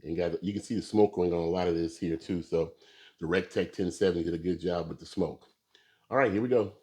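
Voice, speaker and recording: Low, dark-voiced man at the grill. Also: brisk. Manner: relaxed, talks to viewers with many fillers. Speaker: barbecue video host. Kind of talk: casual cooking demonstration.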